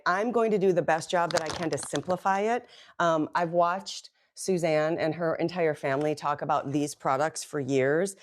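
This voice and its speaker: A woman from the Midwest US hosting a casual live stream, greeting viewers by name and chatting with plenty of ums as she presents products. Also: fairly low pitch.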